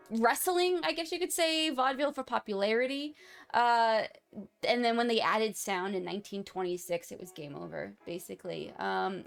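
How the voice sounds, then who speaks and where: A woman's voice: medium pitch, clean tone. A woman hosting a casual history chat, giggly and loose, laughing between points as she explains. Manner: giggly, loose, drinking while she talks. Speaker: podcast host.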